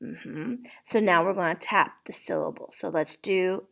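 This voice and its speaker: A woman's voice: on the low side, measured pace, creaky, few pauses, fairly bright tone. A woman teaching a spelling lesson, patiently sounding out words letter by letter for a child.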